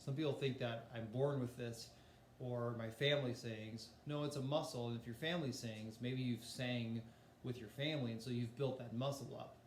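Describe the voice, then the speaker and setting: A man's voice: mid-range voice, steady tone, moderate pace, roomy sound, a little hiss or hum. A man teaching a voice lesson in a casual, explanatory way, demonstrating breathing and singing exercises. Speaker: music teacher.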